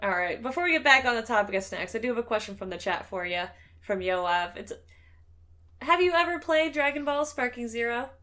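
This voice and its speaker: A woman host chatting casually, joking and swearing freely. Her voice sits a little high and sounds bright and sharp. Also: expressive, brisk. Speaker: streamer and show host. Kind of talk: casual podcast chat.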